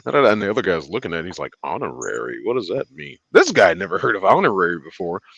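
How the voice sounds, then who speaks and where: A man's voice: low-pitched, very animated, fast, gravelly, a bit bright, slightly rough, no echo, highs cut off. A man hosting a livestream, telling a casual, profane, rambling story and laughing often. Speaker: livestream host.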